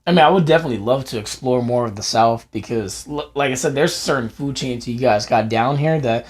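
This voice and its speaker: A man's voice: mid-range voice, brisk. A man in casual conversation telling a story, often quoting people in a raised voice. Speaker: podcast co-host. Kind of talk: casual chat.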